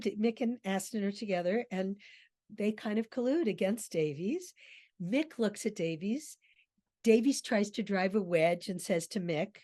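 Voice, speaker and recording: Lecturing conversationally about a play, this woman theatre director uses fillers and restarts and pauses to read quotes aloud. Her voice is mid-range and mellow.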